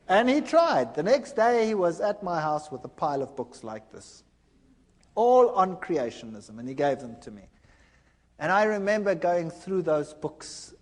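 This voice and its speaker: A middle-aged man giving a personal testimony, telling his story with animated, acted-out dialogue. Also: sits high, in a large hall.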